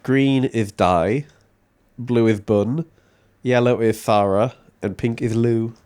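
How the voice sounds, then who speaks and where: A man's voice: mid-range voice, steady tone, slow pace, a little mellow, smooth. A man, a guest on a casual podcast, speaking briefly and dryly. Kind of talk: casual chat.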